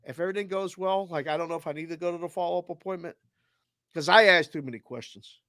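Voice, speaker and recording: A man with a Boston accent co-hosting a casual sports show, telling an animated story over a video call and acting out both sides of the conversation. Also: on the high side, quick pace, dry recording. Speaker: co-host of a sports betting show. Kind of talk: casual chat.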